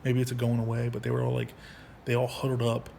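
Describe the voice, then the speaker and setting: Guy ranting, super gravelly voice, lots of swearing and restarts, faint background noise. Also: medium pitch, monotone, warm tone. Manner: angry, profane, halting with restarts. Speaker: veteran telling his own story. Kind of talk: casual monologue.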